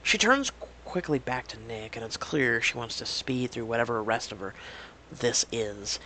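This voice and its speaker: A man casually narrating an interactive story game, hesitant at times and tossing in offhand remarks. His voice is gravelly and lively in pitch. A faint hiss of noise sits behind him. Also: moderate pace, rough recording. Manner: casual, hesitant reading with restarts. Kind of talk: reading a story aloud with casual asides.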